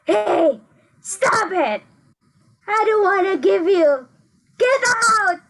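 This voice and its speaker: A woman's voice: extremely high pitch, expressive, very slow, vocal fry, fairly bright tone, full character voice. A woman voicing a cross young girl in an amateur skit, scolding and indignant. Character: cross young girl guarding her fries.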